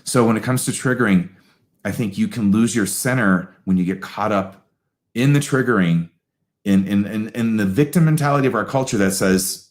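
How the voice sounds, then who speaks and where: A man hosting a live astrology talk, answering audience questions in an animated, emphatic way with quick asides. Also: fairly low pitch.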